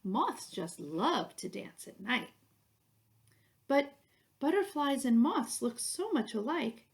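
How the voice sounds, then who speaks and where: A woman's voice: high-pitched, very animated, slow pace, pitched above the performer's own voice, exaggerated voice. A woman reading a storybook, voicing a sleepy, blunt butterfly who explains things patiently. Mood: explaining.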